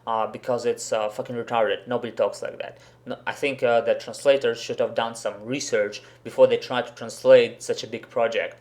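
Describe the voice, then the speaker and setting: Host: man, mid-pitched, blunt and sarcastic, swears freely while critiquing. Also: fairly even intonation, fairly quick, hardly any pauses, a little mellow. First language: Russian. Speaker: host, professional interpreter. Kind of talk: commentary video.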